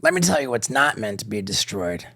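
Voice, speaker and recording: A man's voice: on the low side, very animated, brisk, fairly bright tone, dry recording. A man hosting a casual podcast chat, telling stories with lots of laughter. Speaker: podcast host.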